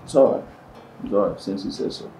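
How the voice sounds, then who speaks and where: A calm, gravelly doctor. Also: male voice, on the low side, brisk, slight background noise. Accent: Nigerian. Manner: reassuring, confident. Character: calm, self-assured male doctor. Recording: roomy, distant film sound with music.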